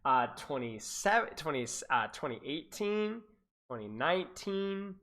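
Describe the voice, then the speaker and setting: A man's voice: fairly high pitch, very animated, measured pace, bright, forceful tone. A man and esports coach chatting casually on a livestream, rambling, repeating himself and laughing to his viewers. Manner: talks to chat viewers.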